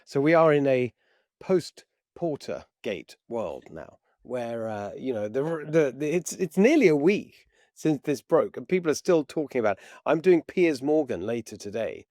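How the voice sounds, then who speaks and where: A man's voice: medium pitch, very animated, moderate pace, mellow, no echo, clean studio sound. A man hosting a political talk show, chatting in a rambling storytelling way with frequent restarts.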